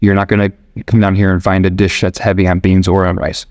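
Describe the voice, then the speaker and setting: A man from the United States hosting a podcast, talking in a relaxed, rambling way with restarts and quoted asides. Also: deep voice, quick pace, dry recording. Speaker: podcast host. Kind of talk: casual explanatory monologue. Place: living abroad in Argentina.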